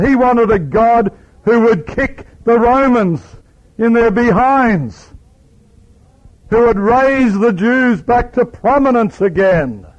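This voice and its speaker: A man's voice: on the high side, darkish tone, husky. A man preaching a sermon, telling stories dramatically and acting out the people in them. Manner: dramatic, storytelling with acted quotes. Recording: dull lo-fi recording.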